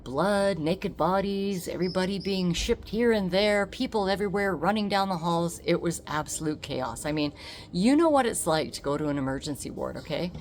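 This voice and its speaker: A woman telling a personal story to camera, animated and emphatic, acting out the dialogue and repeating words for effect. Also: on the low side, normal speed, slight background noise. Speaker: vlogger.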